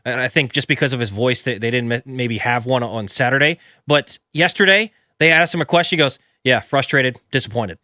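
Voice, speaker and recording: A man co-hosting a sports talk radio show, speaking in a conversational, measured way. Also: medium pitch, pushed and bright, no echo, clean studio sound. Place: radio studio.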